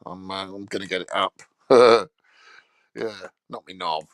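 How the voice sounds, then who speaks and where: Gravelly, sweary streamer man. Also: low-pitched, unhurried, dry recording. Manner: sweary, mocking and blunt. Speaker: live streamer. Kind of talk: casual rambling live-stream chat.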